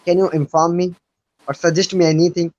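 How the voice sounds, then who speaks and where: A non-native English learner asks questions on a stream chat, hesitant and halting, with a lot of "uh" pauses. The voice sits mid-pitched and comes through a little dull and muffled. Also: level tone, a little mellow. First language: not English. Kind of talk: casual chat.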